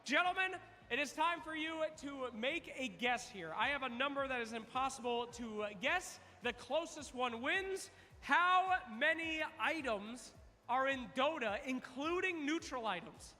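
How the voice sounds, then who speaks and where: A man hosting a live trivia contest on stage at an esports event, energetic and teasing, calling out to the crowd. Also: very high voice, a little slow. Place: large event hall on stage. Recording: long reverb of a big hall.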